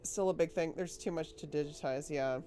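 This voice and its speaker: A woman's voice: sits low, fairly quick, warm tone, a little hiss or hum. Giggly, chatty woman streamer from Rhode Island. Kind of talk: casual livestream chat.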